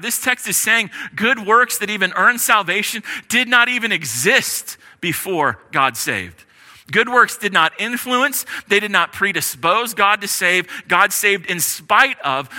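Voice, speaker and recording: Emphatic high-voiced preacher in a hall. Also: male voice, pushed and bright. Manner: emphatic preaching with repetition and dramatic pauses. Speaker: pastor. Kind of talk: sermon.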